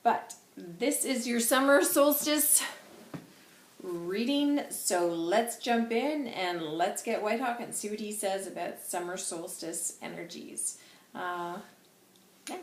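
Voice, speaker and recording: Woman host, chatty and rambling, slow delivery, echoey room, faint background ambience. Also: medium pitch, expressive, slight background noise. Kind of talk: casual channelled reading.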